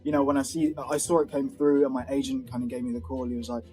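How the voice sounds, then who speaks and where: A male actor telling a relaxed, self-deprecating story in a cast interview. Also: medium pitch, fast, faint music behind. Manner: laid-back, self-deprecating, laughing.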